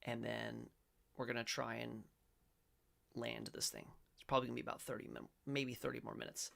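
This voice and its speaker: A middle-aged man hosts a faith-based commentary, his voice deeply gravelly and full of fry. He rambles and corrects himself mid-sentence, then breaks into loud, emphatic bursts. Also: level tone, brisk. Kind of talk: casual commentary, reading aloud and reacting.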